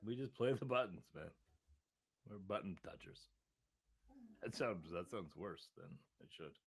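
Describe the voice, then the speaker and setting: A man's voice: low voice, animated, unhurried, husky. A man co-hosting a casual podcast, rambling and riffing loosely. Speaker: podcast co-host. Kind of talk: casual chat.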